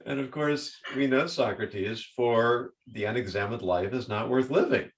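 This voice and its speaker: A man co-hosting a podcast, recalling his teaching days in an animated way, chuckling as he talks. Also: medium pitch, unhurried, few pauses. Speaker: podcast co-host, rabbi. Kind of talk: casual conversation. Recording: roomy, distant from mic.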